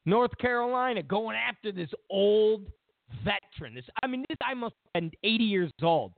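A man hosting a political commentary show, ranting in a mocking, animated way over a phone line. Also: high voice, moderate pace, creaky, no echo. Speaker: host.

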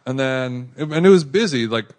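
A podcast co-host with a medium-pitched voice spins a rambling anecdote at a moderate pace. The chat is casual and full of restarts, and he animates the story by acting out quotes.

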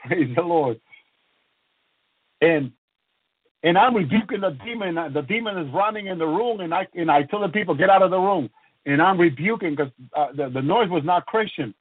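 A man's voice: high-pitched, lively intonation, normal speed, breathy edge, dry recording. A man minister giving a fervent preaching testimony, breaking off often to praise God, with frequent restarts. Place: lives in the United States. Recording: thin phone-line radio broadcast sound.

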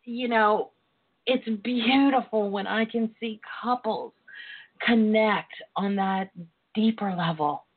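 A woman with a mid-range voice speaks slowly over a tinny phone line. She's a guest author and sex educator on a casual call-in interview show, sounding earnest and emotional as she calls her listeners darlings.

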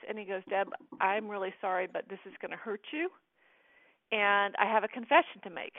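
Over a tinny phone line, a middle-aged woman from the United States tells a personal story as an interview guest, earnestly acting out the dialogue she quotes. Her medium-pitched voice is brisk, with no room sound.

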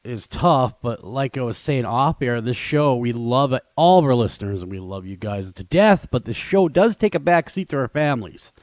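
A man's voice: medium pitch, animated, normal speed, few pauses, a little mellow, no echo. A man hosting a radio talk show, supportive, often breaking in with agreement. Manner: supportive, with frequent agreeing interjections. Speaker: radio host.

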